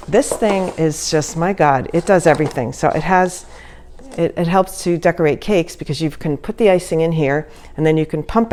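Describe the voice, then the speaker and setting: Low-voiced giggly woman cooking at home. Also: darkish tone, a little hiss or hum, poor audio. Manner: chatty and giggly, laughs often at herself. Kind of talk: casual cooking demonstration. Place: home kitchen.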